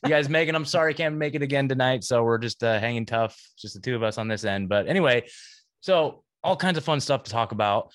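A man's voice: mid-range voice, fast talker, dry recording, studio quality. A man hosting a casual podcast chat, laid-back and slangy, laughing easily. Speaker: podcast host.

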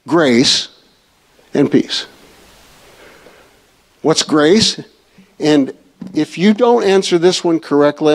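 A man teaching a church Bible study in a conversational way, asking the audience questions. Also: on the high side.

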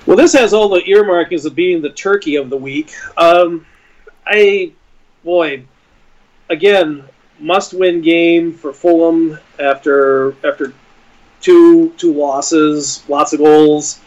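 A man's voice: on the high side, fairly even intonation, slow. Muffled lo-fi man calling football matches. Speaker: podcast co-host. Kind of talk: casual football prediction chat. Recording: dull lo-fi sound.

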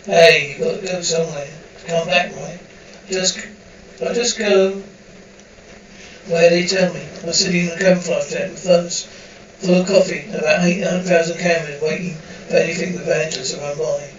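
A man's voice: a little high, fairly even intonation, normal speed, lightly acted. A man in distant, roomy drama dialogue. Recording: roomy, distant, dull audio with faint hiss.

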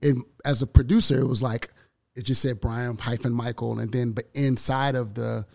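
A middle-aged man from Miami and Houston, with a gravelly edge to his voice, tells stories at a lively clip. He acts out other people's lines and swears freely, like a guest on a podcast. The sound is dry and close. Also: mid-range voice, moderate pace, dry recording. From born in Miami, from Houston. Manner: animated storyteller, acts out quotes, frequent swearing. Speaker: music producer guest. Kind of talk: casual podcast storytelling.

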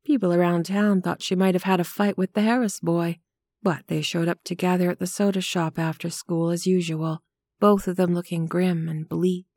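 Low-voiced woman reading a story aloud. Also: dry recording. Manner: measured, even storytelling. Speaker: narrator. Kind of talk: scripted audiobook narration.

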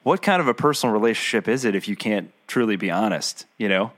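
A man hosting a podcast, talking casually with a guest in a relaxed, halting way. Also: fairly low pitch. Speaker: podcast host.

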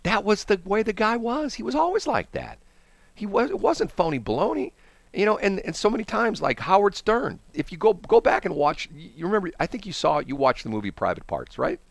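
Lively St. radio host, man. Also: sits high, fairly quick, vocal fry, no room sound. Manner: rambling, acts out quotes in put-on voices. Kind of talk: casual on-air banter. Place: radio studio.

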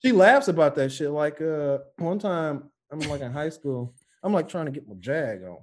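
A man's voice: on the high side, moderate pace, slight background noise. A man telling crude childhood stories in casual chat, acting out the voices of people he quotes. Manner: profane, animated storyteller acting out quotes. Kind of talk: casual podcast chat, storytelling.

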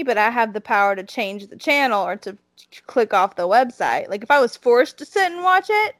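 A woman's voice: on the high side, dry recording. A woman with a Southern accent chatting casually as a podcast co-host, emphatic and full of restarts. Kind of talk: casual chat about wrestling.

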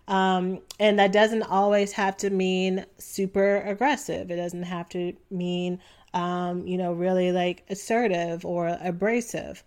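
A young adult woman hosting a solo podcast, talking casually and relaxed, with frequent ums. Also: fairly low pitch, clean tone. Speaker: podcast host.

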